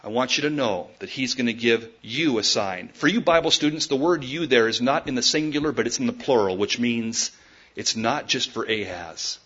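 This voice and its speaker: A male preacher delivers a sermon in a bright, forceful voice. He swings from loud, emphatic declarations to hushed asides and speaks straight to his listeners. The recording sounds dull and lo-fi. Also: medium pitch, normal speed, husky. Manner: addresses the listeners directly as folks.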